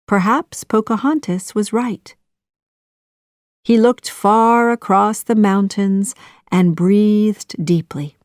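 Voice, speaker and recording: Slow, measured woman storyteller. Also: fairly low pitch, darkish tone, no echo, studio quality. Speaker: narrator. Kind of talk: children's audiobook narration.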